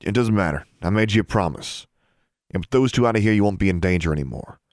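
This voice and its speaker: A man's voice: on the low side, expressive, fast talker, no room sound, clean studio sound, close to an everyday voice. A man voicing a proud, protective teenage boy who sounds weary and earnest in a storybook reading.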